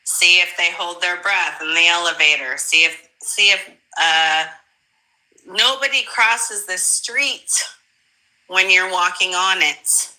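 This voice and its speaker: A woman in a casual political chat, animated and emphatic, often laughing and breaking into sudden high bursts. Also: slow, poor audio. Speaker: guest commentator.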